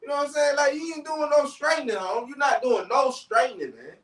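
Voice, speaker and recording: A man co-hosting a podcast in casual chat, animated, who keeps repeating "you know what I'm saying". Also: very high-pitched, a little fast. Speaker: podcast co-host. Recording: roomy echo, distant from mic.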